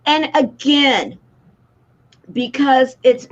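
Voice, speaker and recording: A woman hosting an online interview, enthusiastic and quick with affirming interjections. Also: sits high, expressive, lo-fi sound. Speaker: show host.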